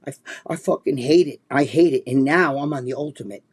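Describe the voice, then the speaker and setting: A man co-hosting a talk show, telling a story in a casual, animated, profane way and acting out the people he quotes. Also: medium pitch, fairly quick, breathy edge. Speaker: co-host.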